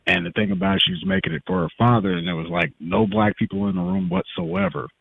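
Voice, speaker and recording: A man's voice: low voice, lively intonation, fast, vocal fry, breathy edge. A man calling into a show, talking in a conversational and slightly rambling way. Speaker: caller. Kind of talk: casual call-in talk. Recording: tinny dry phone line.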